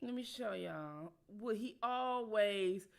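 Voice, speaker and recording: A woman's voice: mid-range voice, animated, takes it slowly, creaky. A woman hosting her own channel, giving casual political commentary in a profane, repetitive, emphatic way. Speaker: channel host.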